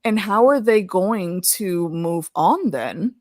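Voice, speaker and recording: Animated woman hosting a chat. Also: mid-range voice, slow, dry recording, clean studio sound. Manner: animated, laughs often, repeats words. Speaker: host. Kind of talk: casual show discussion.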